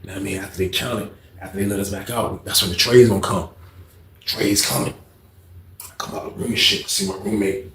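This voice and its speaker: A man telling a casual, profane jail story in an animated way, acting out what people said. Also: sits low, quick pace. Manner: animated, profane, acts out quotes loudly. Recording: echoey room.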